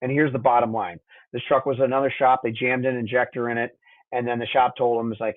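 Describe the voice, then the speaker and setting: Speaking fast and with flat delivery in a mid-range voice, a man explains diesel engine diagnostics during a technical webinar. He's a diesel technician instructor who keeps things conversational, asking "okay?" and "would you agree?" The recording is dry and tinny, phone-like, with no room sound.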